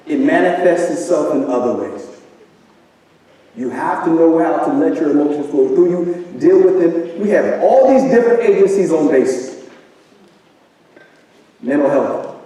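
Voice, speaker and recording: A man's voice: a little high, expressive, measured pace, long pauses, dark tone. A man giving a motivational talk to a live audience in a large hall, firing rhetorical questions at the crowd. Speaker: event speaker. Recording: echoey hall from far off.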